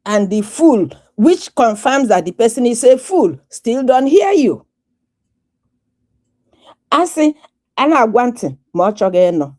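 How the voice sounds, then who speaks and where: A woman's voice: on the high side, big pitch swings, unhurried, pauses often, a little mellow. A woman with a Nigerian Igbo accent speaking as a guest on a talk show, angry, emphatic and lecturing. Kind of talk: casual talk show chat.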